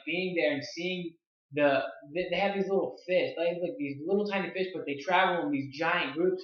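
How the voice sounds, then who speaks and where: A man in his early twenties telling a story to camera in a casual, excitable way, full of "like" fillers. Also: fairly high pitch. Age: 20s. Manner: excitable, filler-heavy, lots of "like". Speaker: online marketing vlogger. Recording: roomy, dull lo-fi sound.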